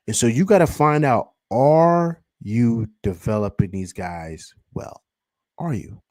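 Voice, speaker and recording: A man's voice: medium pitch, takes it slowly, darkish tone, no room sound. A man hosting a sports reaction show, talking heatedly and firing off rhetorical questions. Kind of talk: fan reaction commentary.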